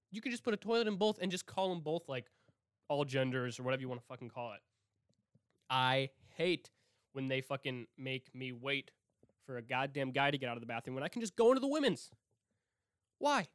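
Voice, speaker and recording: A young man from Milwaukee rants on his own podcast, cursing freely and swooping wildly up and down in pitch. He lurches between loud outbursts and near-whispered asides. The sound is close and dry, with no room around him. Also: no echo. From Milwaukee, Wisconsin. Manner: profane, excitable, swings between shouting and whispering. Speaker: podcast host. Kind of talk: casual solo rant.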